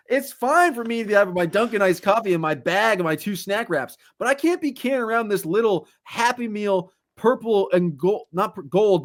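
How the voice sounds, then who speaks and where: Animated man ranting on a podcast. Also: sits high. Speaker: podcast co-host. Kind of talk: casual podcast chat.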